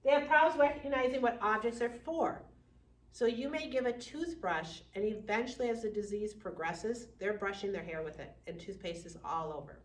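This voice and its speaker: A woman teaching a class on dementia care, lively, acting out family members and residents. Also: medium pitch, moderate pace. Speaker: dementia educator. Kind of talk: classroom lecture. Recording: echoey room from far off.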